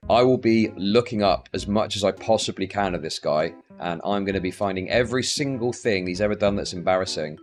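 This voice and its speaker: A man's voice: sits low, a little fast, few pauses, soft background music. A man ranting on a live stream, scornful and heated, swearing often.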